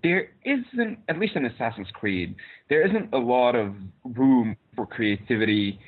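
A podcast guest joins by phone, his voice coming through a tinny line, and discusses a game casually. He speaks at normal speed with a medium, expressive pitch, but hesitates a lot, filling in with ums and starting over.

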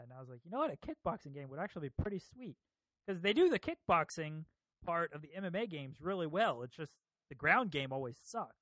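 A man's voice: on the high side, a bit bright, no echo. A man hosting a casual podcast chat, laid-back and laughing often. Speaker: podcast host.

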